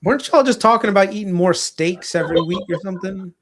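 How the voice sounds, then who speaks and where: Teasing man with a slightly high voice. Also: quick pace, crowd noise. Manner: teasing, animated. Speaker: stream guest. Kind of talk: casual chat.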